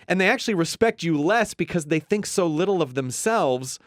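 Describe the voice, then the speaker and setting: A man's voice: fairly high pitch, lively intonation, a little fast, hardly any pauses, no echo. A man, a TV host, talking as a guest in a casual studio interview, reflective and rambling, acting out quoted voices.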